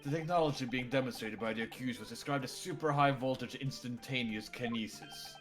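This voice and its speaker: A man voicing a haughty aristocratic prosecutor in a put-on German accent, cold and measured, in a fan dub of a game. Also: mid-range voice, fairly bright tone, faint music behind, natural voice.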